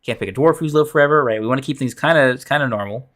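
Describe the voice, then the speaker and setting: A man at a middle pitch, musing aloud as he works out plans for a tabletop game on a live stream. His speech is halting and full of restarts, and it often drifts off into quiet mumbling. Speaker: dungeon master streamer. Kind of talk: thinking aloud while planning a game.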